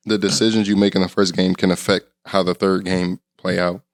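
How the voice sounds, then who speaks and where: A deep-voiced man whose voice is hoarse and strained, as if he is losing it. He chats casually and swears freely while telling a story. The recording is dry and close, with no room sound. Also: level tone, brisk, no room sound. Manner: loose, profane storytelling. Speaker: podcast co-host. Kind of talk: casual chat.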